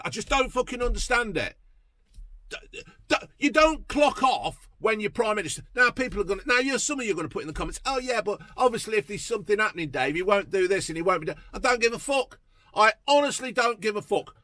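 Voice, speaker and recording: Fuming bloke swearing his way through a political rant, sharp bright voice. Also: high-pitched, no echo. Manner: angry, sweary, mocking. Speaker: political vlogger. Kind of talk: profane ranting commentary.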